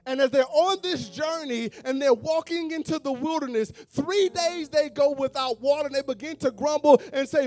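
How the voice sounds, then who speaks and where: High-voiced preacher man, sing-song delivery. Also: normal speed, few pauses, darkish tone. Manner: call-and-response preaching with sung, whooping phrases. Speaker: pastor. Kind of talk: preaching a sermon. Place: church sanctuary with congregation. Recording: faint instrument music behind.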